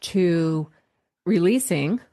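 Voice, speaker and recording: A woman podcast host calmly summarizing and reflecting back what a guest said. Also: lowish voice. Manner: slow, measured, summarizing. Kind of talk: coaching reflection.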